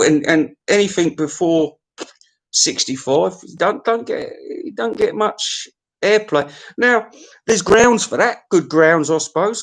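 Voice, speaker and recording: A man rants through a music countdown in a loose, comic monologue. He swears freely, trips over restarts and repeats himself. His voice sits a little high for a man. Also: vocal fry, a bit bright. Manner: sweary, opinionated, full of restarts and stammers.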